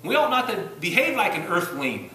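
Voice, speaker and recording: Animated Southern preacher in an echoey church. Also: male voice, high voice, brisk. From Virginia. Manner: emphatic, rising and falling, rhetorical questions to the congregation. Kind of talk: sermon. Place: church sanctuary. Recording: roomy church recording from some distance.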